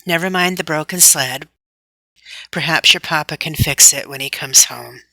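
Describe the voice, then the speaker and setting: A woman's voice: low voice, normal speed, sharp tone, no echo. A woman reading aloud, voicing a mother who gives firm, caring instructions.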